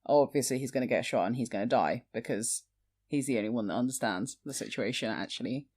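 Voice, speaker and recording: A woman's voice: rumbling low, fast, a little mellow, slightly rough. A woman chatting casually on a film podcast, retelling scenes with quoted asides. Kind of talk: casual chat.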